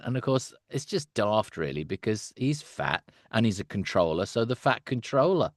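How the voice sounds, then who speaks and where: A middle-aged man, a voice actor, chatting in an interview as an animated storyteller who laughs often and slips into character voices. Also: mid-range voice, moderate pace, hardly any pauses, no echo, clean studio sound. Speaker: voice actor, guest. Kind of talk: casual interview chat.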